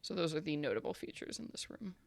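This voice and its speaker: A woman's voice: low-pitched, big pitch swings, fast talker, creaky, no room sound, studio quality. A woman narrating a tabletop game as game master over a video call, chatty with many ums and uhs.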